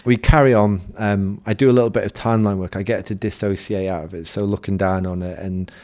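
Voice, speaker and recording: A middle-aged man, a hypnosis coach and podcast guest, telling an animated anecdote in conversational style and acting out the quotes. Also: fairly low pitch, quick pace. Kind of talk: conversational storytelling.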